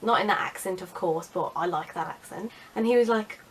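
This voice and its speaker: A woman's voice: on the low side, fairly quick, breathy edge. A young woman chatting casually in a vlog, sarcastic and self-mocking. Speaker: vlogger.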